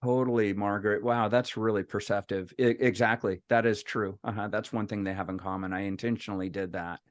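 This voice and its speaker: A man's voice: on the low side, fairly even intonation, brisk, no echo. A man presenting at an online meeting. He tells anecdotes with frequent restarts and asks the group questions. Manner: storytelling with many restarts. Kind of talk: casual workshop talk.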